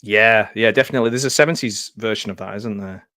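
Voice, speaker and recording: A man's voice: fairly low pitch, quick pace, bright, forceful tone, no room sound, clean studio sound. A man hosting a casual live film commentary from home, chatty and often laughing. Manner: chatty, laughs often, loose aside-filled talk. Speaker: host.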